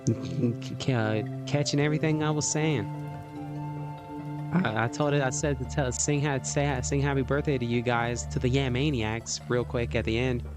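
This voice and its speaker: A man hosting a livestream, chatting casually, rambling with lots of fillers and laughs. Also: mid-range voice. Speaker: livestream host.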